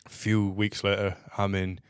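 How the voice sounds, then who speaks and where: A man's voice: lowish voice, completely flat delivery, moderate pace, clean tone, dry recording, studio quality. A man, a comedian telling a rambling, self-mocking story in casual podcast chat.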